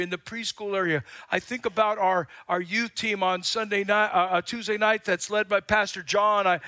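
An older man preaching a sermon as pastor, telling stories with lively acted-out quotes and frequent repeated words. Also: high-pitched, no room sound, clean studio sound. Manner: animated storytelling, acts out quotes.

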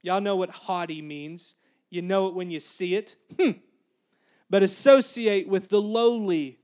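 A man delivering a sermon in a high, lively voice. He preaches conversationally, tossing in jokes and asking the congregation "Amen?" to keep them with him. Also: unhurried. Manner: conversational, calls for "Amen?" responses; joking asides to the congregation. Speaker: pastor.

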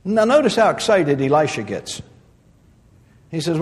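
A man preaching a sermon who reads scripture, then explains it with humor, stressing points by repeating phrases and swinging from loud to soft. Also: on the high side, sing-song, slow, long pauses, big-room sound. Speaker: pastor.

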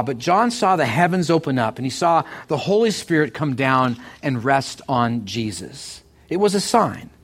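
A middle-aged man preaching a sermon as pastor, animated and excitable, often stumbling and repeating words. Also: on the high side. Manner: animated, builds to excited bursts.

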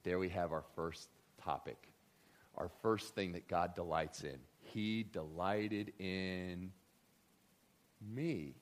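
A man preaching a sermon as pastor, joking and animated, swinging from loud lines to hushed ones. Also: low voice, slow pace.

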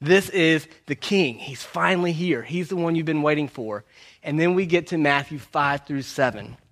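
A man's voice: fairly high pitch, fairly bright tone. A man preaching a sermon in a conversational way, repeating his key phrases. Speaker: pastor. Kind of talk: sermon teaching through a book.

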